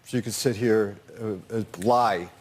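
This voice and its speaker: A man's voice: fairly low pitch, steady tone, slow pace. A middle-aged man, a guest on a talk show, speaking in an agitated, stammering way as he recounts his son's death. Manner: agitated, stammering, acts out others' words. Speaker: grieving father, guest.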